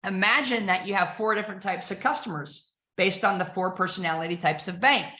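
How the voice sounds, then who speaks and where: A woman giving an energetic sales presentation, firing rhetorical questions at her audience with emphasis. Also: medium pitch, fairly quick. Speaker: sales trainer. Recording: echoey room.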